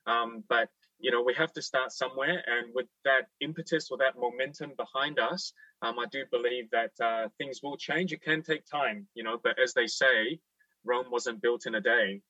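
An Australian man hosting a talk radio panel, with a bright, forceful voice. He is chatty and optimistic, and he pauses often with "um" and "you know" while he thinks aloud. He sits a little back from the microphone in a dry room. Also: mid-range voice, dry recording, recorded from a distance, dull audio. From Victoria, Australia. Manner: chatty and upbeat, thinks aloud with many fillers. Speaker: radio host.

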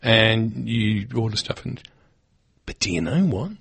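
A man co-hosting a radio show, chatting and telling stories in an animated way. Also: fairly low pitch, unhurried, vocal fry, husky. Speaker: radio co-host. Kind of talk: casual radio chat. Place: radio studio.

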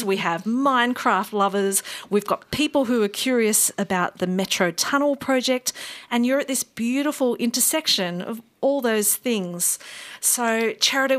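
A woman's voice: mid-range voice, a bit bright. An Australian woman hosting a community radio show, chatting casually with fillers and easy asides. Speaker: radio host. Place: radio studio.

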